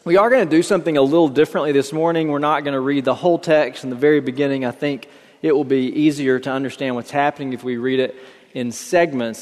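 A man preaching a sermon in a church, reading a parable expressively and raising his voice for the dialogue. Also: mid-range voice. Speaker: pastor. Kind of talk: sermon with dramatic story reading. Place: church sanctuary. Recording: long hall reverb.

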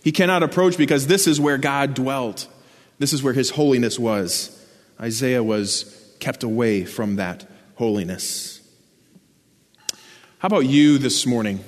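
A male preacher delivers an earnest sermon, explaining scripture and pressing key words with rising emphasis. His voice sits at an ordinary middle pitch. Long reverb trails behind him, as in a large hall. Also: a little slow, long pauses.

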